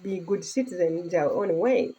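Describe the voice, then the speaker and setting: Middle-aged woman from Tanzania, earnest casual vlog to phone, mellow husky tone. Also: on the low side, normal speed, poor audio. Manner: earnest, speaking broken English with laughter. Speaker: vlogger.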